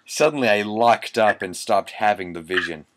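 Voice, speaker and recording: A man's voice: fairly low pitch, normal speed. A man giving a comedic reading of a bad story, incredulous and swearing, often cracking up. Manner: incredulous, swearing, breaks into laughter. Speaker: reader.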